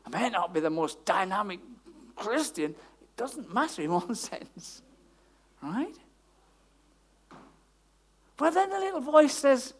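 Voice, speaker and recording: A preacher delivering a sermon with a lively, swooping voice. The delivery is chatty and emphatic, with plenty of tag questions and asides to the congregation. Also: medium pitch, takes it slowly, pauses often.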